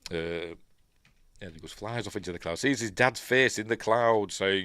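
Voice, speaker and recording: A man's voice: on the low side, normal speed, sharp tone, clear, resonant tone, no echo. A man with a Yorkshire accent giving a casual, rambling review while watching a film, full of fillers and chuckling asides. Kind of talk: casual commentary over a film.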